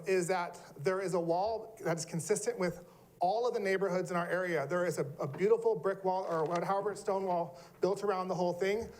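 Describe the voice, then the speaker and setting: A man's voice: high voice, a little mellow. A middle-aged man giving an emotional, earnest public comment at a city planning meeting.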